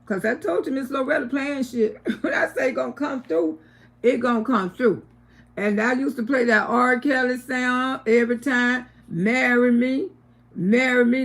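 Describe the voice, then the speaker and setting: An older woman telling stories casually on a livestream, acting out what people said to her. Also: gravelly. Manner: animated, acts out quoted voices higher and louder. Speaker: livestream host. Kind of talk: casual storytelling to viewers.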